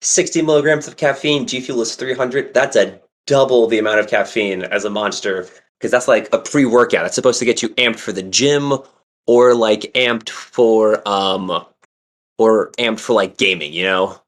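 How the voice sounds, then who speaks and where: A man's voice: fairly low pitch, normal speed. A man co-hosting a casual podcast who rambles through a story with lots of "um" and "like.". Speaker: podcast co-host. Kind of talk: casual chat.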